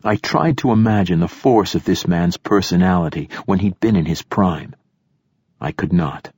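A man reading a first-person novel aloud as an audiobook narrator, in a dry, measured way. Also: deep voice, a little mellow, breathy edge, no echo.

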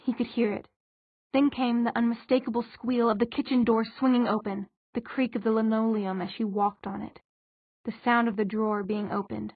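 Husky woman narrating an audiobook. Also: a little high, steady tone, moderate pace, no echo. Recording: tinny narrow-band audio, dry.

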